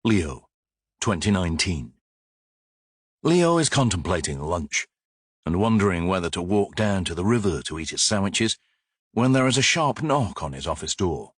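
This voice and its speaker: A man reading an audiobook thriller in a steady, measured narration. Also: low-pitched, slightly rough, dry recording, studio quality. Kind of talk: scripted narration.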